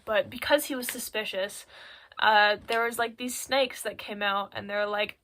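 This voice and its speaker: Presenting a school project via a phone recording, a teenage girl gives a casual, slangy recap of a story, chatty, irreverent, and heavy on fillers. She speaks at a moderate pace in a mid-range, somewhat bright voice with fairly even intonation.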